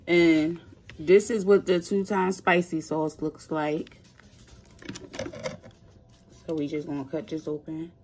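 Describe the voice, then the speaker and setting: Slow-talking hoarse woman vlogger, lowish voice, chatty, talks to her viewers. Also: level tone, a little mellow, slight background noise. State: hoarse, coming down with a cold. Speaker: mukbang vlogger. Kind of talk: casual food challenge vlog.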